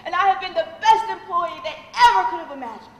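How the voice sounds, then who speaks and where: A woman's voice: extremely high pitch, fast talker, voice pushed up. A woman voicing a distraught young female employee who complains indignantly and whines that she was treated unfairly. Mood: aggrieved. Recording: echoey hall, faint noise.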